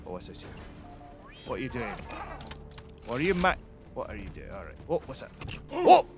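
A man hosting a game stream in casual chat, excitedly exclaiming questions about what he sees. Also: mid-range voice, brisk. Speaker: streamer host. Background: game music.

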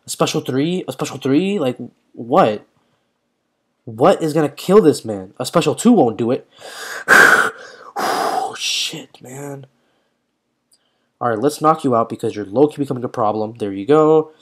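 A man's voice: medium pitch, expressive, moderate pace, fairly bright tone, breathy edge. A young man giving live commentary while playing a mobile fighting game, talking in slang and often exclaiming in frustration.

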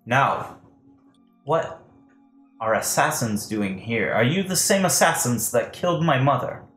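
A man's voice: mid-range voice, animated, unhurried, fairly bright tone. A man voicing a young storm giant queen, female, who talks in a commanding, demanding way. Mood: suspicious. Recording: echoey room, faint music.

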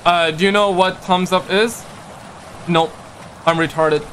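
A man's voice: high-pitched, fairly even intonation, measured pace, fairly bright tone, a little hiss or hum. A man from Pakistan, chatting casually on a live stream, joking and rambling as he reads viewer comments aloud. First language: Urdu. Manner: joking, rambling, playful slang. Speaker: livestreamer.

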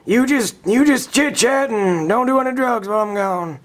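A man doing a shrill crabby old teacher. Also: animated, normal speed, background noise. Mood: cranky. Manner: yelling, cranky and rude. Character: crabby old male schoolteacher. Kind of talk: comedic puppet video voice acting.

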